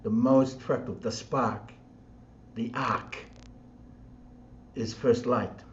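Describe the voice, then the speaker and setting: Slow repetitive New man, echoey. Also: mid-range voice, fairly even intonation, slight background noise. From New Zealand. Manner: slow, repetitive, chant-like phrasing. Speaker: spiritual teacher. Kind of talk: spiritual talk. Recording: dull sound in an echoey room.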